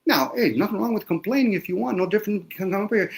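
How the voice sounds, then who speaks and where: A man's voice: high-pitched, expressive, racing, hardly any pauses. A man in a casual conversation, talking bluntly with lots of swearing and sarcasm. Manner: blunt, profane ranting.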